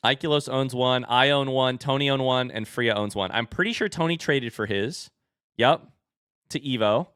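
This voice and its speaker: A young man live-streaming as he opens card packs and chats with viewers, turning excitable and hyping each reveal. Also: moderate pace, smooth, no echo, clean studio sound. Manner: excitable, bursts into high shouts; hype commentary.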